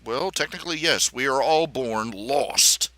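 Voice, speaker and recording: A man hosting a casual livestream while drawing, speaking in a rambling, halting way with many fillers and restarts, opinionated and sardonic. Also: medium pitch, bright, forceful tone, dry recording. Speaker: livestream host.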